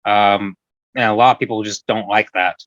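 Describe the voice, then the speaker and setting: A man from the United States speaking as a guest in a relaxed, casual way with fillers. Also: on the low side, moderate pace, dry recording, highs cut off. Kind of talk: casual chat.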